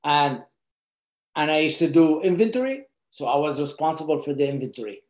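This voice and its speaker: A fairly quick, mid-range voice with a darkish tone belongs to an earnest presenter giving loose, unscripted job-interview advice to camera. He restarts frequently and repeats key points for emphasis, and the recording has a roomy echo.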